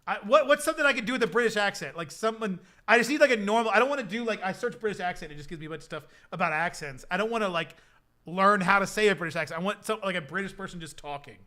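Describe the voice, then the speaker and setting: A young man hosting a livestream, chatting casually in an excitable, rambling way. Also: sits high, fast talker. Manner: excitable, rambling, laughs often. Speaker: livestream host. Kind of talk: casual stream chat.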